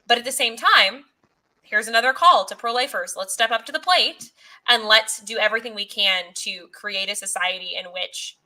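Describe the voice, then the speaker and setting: A woman's voice: fairly high pitch, moderate pace, sharp tone. A woman interview guest who argues her points fluently, earnestly and persuasively. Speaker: guest, pro-life advocate. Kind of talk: casual conversational interview.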